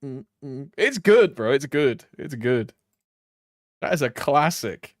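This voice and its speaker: A man streaming live, talking into a desk mic in loose, slangy chatter that often trails off into laughter. His pitch swings in a lively, animated way while his pace stays slow and unhurried. The sound is dry and close, with no room around it. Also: no room sound. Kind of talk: casual live stream commentary.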